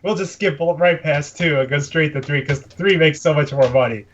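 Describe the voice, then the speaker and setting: A man's voice: a little high, moderate pace, lo-fi sound, slight background noise. A man co-hosting a podcast, teasing and giggling in casual chat. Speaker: podcast co-host.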